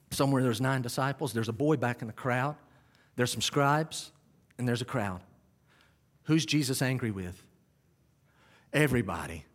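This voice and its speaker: A man preaching a sermon, animated, swinging between quiet asides and loud climaxes. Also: medium pitch, in a large hall. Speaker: pastor.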